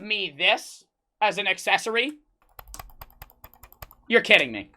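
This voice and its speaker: Animated, swearing young streamer guy. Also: sits high, takes it slowly, pauses often, no echo, clean studio sound. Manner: swearing, excitable, acts out quoted voices. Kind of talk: animated storytelling vlog.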